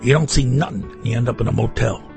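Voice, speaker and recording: Give me a man with a very gravelly voice, hosting a radio chat and rambling through wry stories. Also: mid-range voice, quick pace, over music. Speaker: radio host. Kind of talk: casual chat. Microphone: studio microphone.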